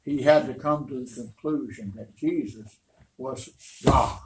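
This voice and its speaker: Older preacher telling a folksy story. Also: male voice, medium pitch, a little slow. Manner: folksy, rambling, emphatic storytelling. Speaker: pastor. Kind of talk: storytelling sermon. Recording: roomy, distant, faint noise.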